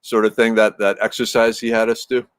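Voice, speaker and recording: Low-voiced fifties man, dry close sound, easygoing stream host who chats and wanders off topic. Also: flat delivery, a little fast, clean tone, no room sound. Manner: chatty, meandering, answers chat messages as they come in. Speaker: livestream host chatting with viewers. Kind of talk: casual rambling chat.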